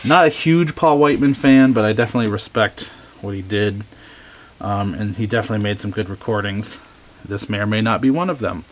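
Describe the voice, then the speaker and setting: A man chatting casually as he shows off his record finds, relaxed and eager, with many ums. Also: fairly low pitch, fairly quick, a little hiss or hum. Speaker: record collector showing finds. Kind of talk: casual show-and-tell vlog.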